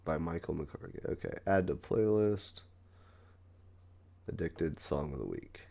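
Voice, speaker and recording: Man, lowish voice, podcast co-host, jokey, swears a lot, casual banter. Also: a little slow, creaky, warm tone, slightly rough. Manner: joking, echoes the other's lines, swears freely. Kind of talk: casual chat.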